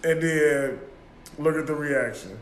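High-voiced man in casual profane chat. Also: slow pace, roomy sound, a little hiss or hum. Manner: loose, profane, laughing often. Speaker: podcast co-host.

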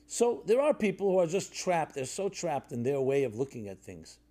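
A man delivers a reflective, sermon-like talk in a mellow, fairly high voice. He speaks conversationally, with fillers and restarts, and goes soft and low when he tells a story. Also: big pitch swings, normal speed.

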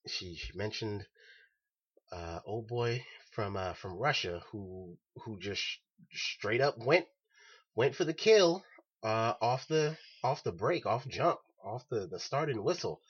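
Male host, husky and deep, loose joking delivery. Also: animated, lo-fi sound. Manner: loose, joking, reacts with quick exclamations. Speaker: podcast host. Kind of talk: casual chat.

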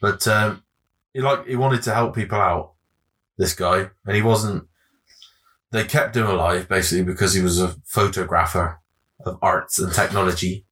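A man's voice: deep voice, steady tone, normal speed, fairly bright tone. A man chatting casually on a podcast, rambling, forgetful and sweary, laughing often. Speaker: podcast co-host. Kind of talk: casual chat.

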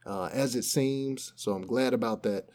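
Retelling a news story on his podcast, this co-host acts out the quotes in a conversational storytelling style. He speaks at a moderate pace in a mid-range voice with a darkish tone.

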